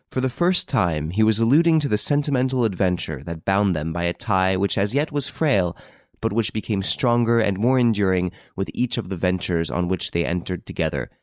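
A man's voice: deep voice, no room sound, studio quality. A man narrating a classic novel as an audiobook, reading expressively. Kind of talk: scripted narration.

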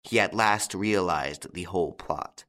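A man reading a novel aloud as narrator, with an expressive storytelling delivery. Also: low-pitched, unhurried. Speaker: audiobook narrator. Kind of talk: scripted narration.

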